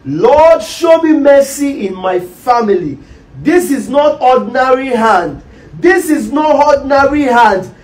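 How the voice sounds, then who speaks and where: A woman's voice: sits high, animated, unhurried, a little mellow, low-quality recording. A Nigerian woman acting a devout spouse who kneels and pleads in prayer, repeating phrases in a preachy way. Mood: praying. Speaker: actor in a comedy skit.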